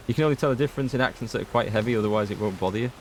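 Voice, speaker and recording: With slight background noise, a mid-range male voice rattles along rapid-fire in a North Yorkshire English accent. He's a let's play gamer from North Yorkshire, England, casually rambling to viewers as he plays.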